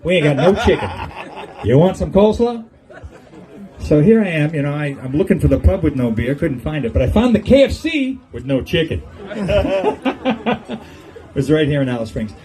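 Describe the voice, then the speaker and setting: A man's voice: a little high, very animated, moderate pace, long pauses, warm tone, some chatter behind, low-quality recording. An older man giving a humorous farewell speech on an outdoor patio, telling jokey stories and chuckling at his own punchlines. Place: outdoor golf club patio.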